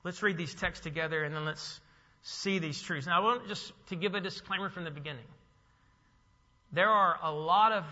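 Male pastor, high voice, emphatic sermon, rhetorical questions, long church reverb, dull sound. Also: pushed and bright.

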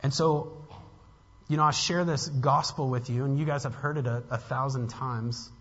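A man's voice: medium pitch, fairly even intonation, moderate pace, a bit bright, slightly rough. A man preaching a sermon as pastor, earnest and building to emphatic peaks, with casual asides to the congregation. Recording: dull lo-fi with long hall reverb.

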